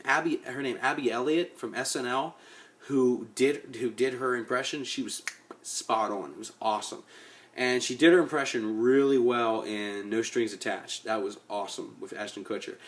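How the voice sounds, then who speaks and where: A man ranting casually to his webcam about actors he dislikes, blunt and rambling, often repeating himself. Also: medium pitch. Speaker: vlogger. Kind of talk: casual opinion rant.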